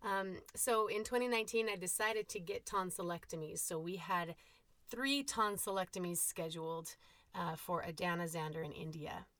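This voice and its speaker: A woman in her thirties, a mother of eight, hosting a podcast and telling candid, animated personal stories. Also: fairly low pitch, normal speed, no echo. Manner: candid, animated, quotes herself in asides. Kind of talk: casual personal storytelling.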